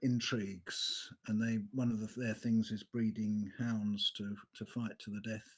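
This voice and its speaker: A man's voice: fairly low pitch, little pitch movement, unhurried. Man explaining story lore, hesitant. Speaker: podcast panelist. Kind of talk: casual book discussion.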